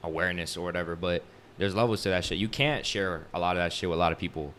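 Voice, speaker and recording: This man speaks in a lower voice, easygoing and thoughtful, in a relaxed casual chat. He leans on loose fillers and checks in with his listener as he goes. A little background noise hangs faintly behind him. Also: quick pace. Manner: laid-back and reflective, with constant fillers like "you know what I'm saying".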